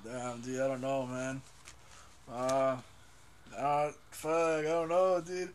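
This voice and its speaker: A man's voice: medium pitch, level tone, takes it slowly, a little hiss or hum. A young man co-hosting a podcast in casual chat, rambling and profane, hesitating with lots of fillers. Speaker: podcast co-host.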